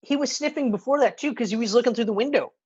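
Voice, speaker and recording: Woman co-host, excitable, swears a lot, acts out scenes, lo-fi sound. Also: fairly high pitch, fast, breathy edge. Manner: animated retelling, profane, acts out characters' lines. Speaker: podcast co-host. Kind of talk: casual movie review chat.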